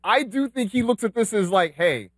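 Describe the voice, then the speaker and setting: A man co-hosting a sports talk radio show, talking in a lively, animated way. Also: extremely high pitch, brisk, no room sound.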